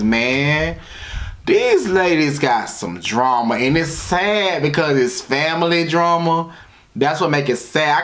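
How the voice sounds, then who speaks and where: A man giving a casual, opinionated review of a reality TV episode, talking in slang with animated emphasis. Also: mid-range voice. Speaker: TV show reviewer. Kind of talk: casual commentary.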